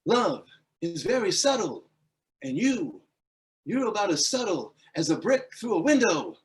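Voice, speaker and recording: A man's voice: high-pitched, very animated, measured pace, poor audio. A man voicing a girl's laid-back older father in a drawling, mumbling singer impression, giving advice. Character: mumbling mellow older dad, impression of a famous folk singer.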